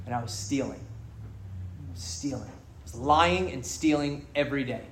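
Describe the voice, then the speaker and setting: A man's voice: mid-range voice, normal speed, pauses often, a bit bright, slight background noise. Frank, joking man in an echoey room. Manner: frank, joking, swears freely. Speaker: speaker sharing at a recovery meeting. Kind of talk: candid personal testimony to a group. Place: meeting room with an audience. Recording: roomy hall echo.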